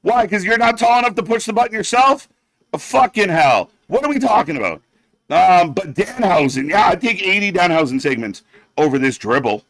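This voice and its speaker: Male stream host, fairly high and very animated, sarcastic and profane, close and dry. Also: normal speed, no room sound. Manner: sarcastic, mocking, heavily profane. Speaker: watch-party livestream host. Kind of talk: profane live commentary rant.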